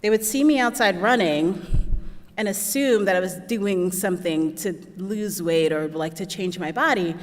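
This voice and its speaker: A woman's voice: medium pitch, moderate pace. Chatty woman speaker in a big hall. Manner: chatty, laughs often, acts out what others said. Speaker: keynote speaker. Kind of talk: storytelling keynote talk. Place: large lecture hall.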